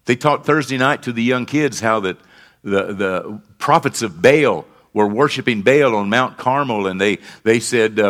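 A man's voice: medium pitch, normal speed, a bit bright. A man preaching a sermon as pastor, in a conversational style that rises to emphatic declarations, speaking in a church.

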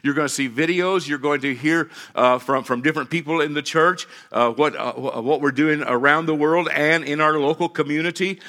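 A man's voice: a little high, normal speed, few pauses, pushed and bright. A middle-aged man, a pastor, preaching a sermon with emphatic repeated phrases and call-and-response with his congregation.

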